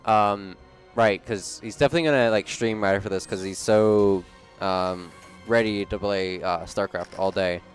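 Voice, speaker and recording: A man co-casting a live esports match, dry and deadpan, rambling through asides. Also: lowish voice, moderate pace, soft background music. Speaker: esports co-caster.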